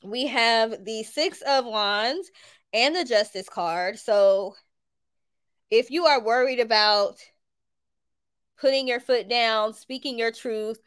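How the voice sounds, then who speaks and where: A woman's voice: fairly high pitch, slow pace, a bit bright, clean tone, no room sound. A woman with a Southern US accent giving a tarot reading to viewers, talking emphatically and repeating her points. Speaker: tarot reader.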